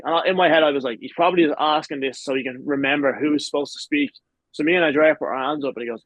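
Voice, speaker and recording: A young Irish man in his twenties rattles through a story at a quick clip, rambling and cursing casually. His voice sits in an ordinary middle range. It is recorded close and dry, with no room sound around it. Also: medium pitch, no room sound, muffled recording. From Ireland. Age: 20s. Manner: rambling storyteller, swears freely. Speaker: guest, pro wrestler. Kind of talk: casual podcast chat.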